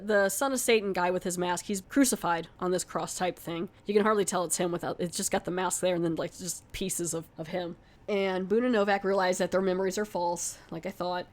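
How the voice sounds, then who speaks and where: A woman hosting a podcast, giving a casual, rambling film recap full of filler words and wry, sarcastic asides. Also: mid-range voice. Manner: rambling, chatty, lots of "like" fillers. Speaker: podcast host reviewing a film. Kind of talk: casual spoiler-heavy movie recap.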